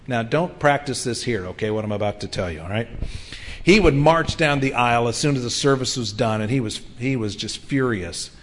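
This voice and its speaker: A man in his fifties delivers a sermon in a plain, conversational way. He sounds earnest and speaks at an ordinary mid pitch, often pausing on an um. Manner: earnest, conversational preaching with frequent ums. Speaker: pastor.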